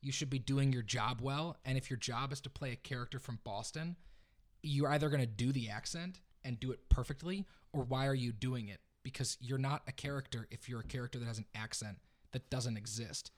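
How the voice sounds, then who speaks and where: Opinionated man in casual podcast chat. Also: medium pitch. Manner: animated, opinionated, quick to joke. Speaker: podcast co-host.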